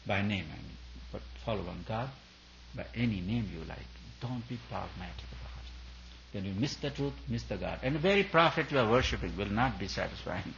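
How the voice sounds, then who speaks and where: A man's voice: lowish voice, lively intonation, fairly quick, gravelly, fairly bright tone, muffled recording, a little hiss or hum. A man, a spiritual teacher, giving an earnest discourse at a retreat, building his points through repeated emphatic phrases.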